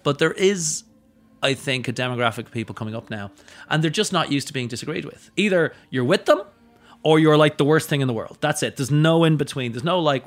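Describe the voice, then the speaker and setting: A man chatting as a podcast guest at a studio table, telling stories with energy. His voice sits at an ordinary middle pitch but jumps sharply higher whenever he mimics someone else. He talks casually and with conviction. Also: moderate pace. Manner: animated storyteller, leaps up in pitch when quoting people. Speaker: guest, drinks educator and writer. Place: studio table with bottles and glasses.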